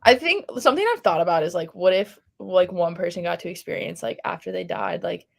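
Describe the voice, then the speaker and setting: A woman's voice: fairly low pitch, animated, a little fast, gravelly, husky. A woman guest on a podcast talking in casual chat, hesitant and filling with "like". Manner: hesitant, many "like" fillers.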